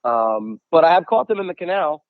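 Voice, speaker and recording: A young man from the United States, a podcast guest, telling anecdotes in a casual, animated way and acting out quotes. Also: a little high, a little fast, dry recording, narrow, tinny audio. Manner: animated, acts out quotes, many repeated "I'm like". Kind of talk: casual storytelling.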